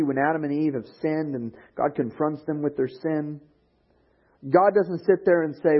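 A man with a slightly husky voice preaches a sermon, retelling a story with animated energy and slipping into the voices of its characters. The recording sounds dull and lo-fi. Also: a little high, moderate pace. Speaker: pastor.

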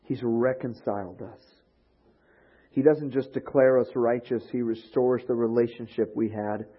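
Male pastor, mid-pitched and husky, sermon delivery, animated storyteller, muffled lo-fi recording. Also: measured pace. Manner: animated storytelling, acting out quoted voices. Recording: dull lo-fi recording.

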